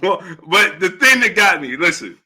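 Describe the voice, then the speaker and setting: Animated laughing man on a live stream. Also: high voice, normal speed, slightly rough. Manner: animated, laughing often, talking back to viewers. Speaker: sports show host. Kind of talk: live-stream chat reading super chats.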